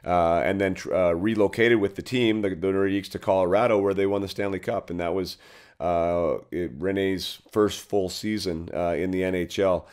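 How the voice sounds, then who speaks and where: A man's voice: low-pitched, fairly even intonation, normal speed, a little mellow, clean tone. A middle-aged man hosting a podcast, introducing the episode and his guest in an upbeat way with frequent fillers. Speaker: podcast host.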